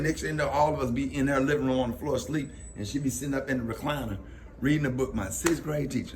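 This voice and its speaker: A man's voice: medium pitch, fast, a little hiss or hum. A man hosting a radio show, telling personal stories in a casual way and laughing often. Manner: laughs often, tells stories with quoted voices. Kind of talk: casual storytelling on air.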